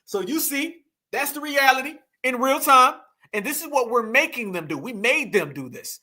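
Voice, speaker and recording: A man's voice: very high-pitched, animated, normal speed, sharp tone. A man hosting a commentary vlog, speaking in a preachy, emphatic way with lots of slang, rallying his audience and mocking people with laughter. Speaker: host.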